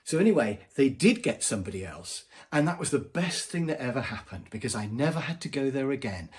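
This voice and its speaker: A man's voice: medium pitch, sing-song, a little fast. A man, a business trainer, giving advice straight to camera in a conversational way. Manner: conversational, acts out quoted voices. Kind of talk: direct-to-camera advice vlog.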